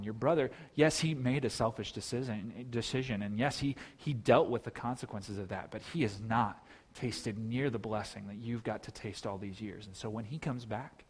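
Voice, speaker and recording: A man doing a gentle, pleading father, soft and hushed. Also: fairly low pitch, husky, in a large hall, voice pushed down.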